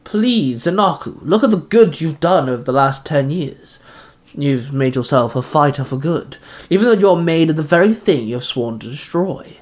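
A man voicing a scheming male Duke Orc monster who speaks in a slow, drawn-out, lordly way. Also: fairly high pitch, lively intonation, lightly acted. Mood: lofty.

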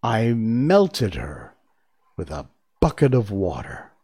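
A man voicing an earnest young girl in a storybook reading, speaking high and eager. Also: wildly swooping pitch, takes it slowly, mellow, husky, exaggerated voice.

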